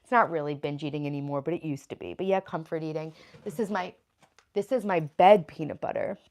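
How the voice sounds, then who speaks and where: A woman's voice: sits low, fairly quick, a little mellow. A woman hosting a casual livestream, chatting loosely with many fillers and reading viewer comments aloud. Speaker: livestream host.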